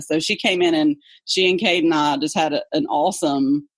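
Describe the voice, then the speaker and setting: A woman with a Southern accent, an English teacher chatting in an interview, talkative and quick to laugh. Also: sits low, fairly even intonation, no room sound. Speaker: English teacher, podcast co-host guest. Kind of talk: casual interview chat.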